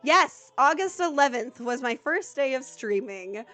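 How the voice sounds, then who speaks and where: Woman streamer, high and unhurried, excitable chatter over faint game music. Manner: excitable, jumps into high-pitched exclamations, then goes flat and deadpan. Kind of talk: casual live gameplay commentary.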